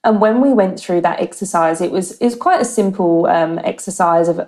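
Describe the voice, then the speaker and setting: A woman's voice: on the low side, brisk, a little mellow. Chatty English woman on a video call. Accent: English, slight Australian lilt. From United Kingdom. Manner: chatty, many fillers like um and yeah. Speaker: guest, marketing director. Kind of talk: casual interview chat.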